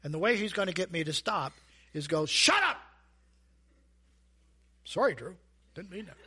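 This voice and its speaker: A man preaching a sermon as a pastor, animated and asking the congregation questions. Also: high-pitched, fairly quick, breathy edge. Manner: animated, acts out voices and asides; asks the audience questions.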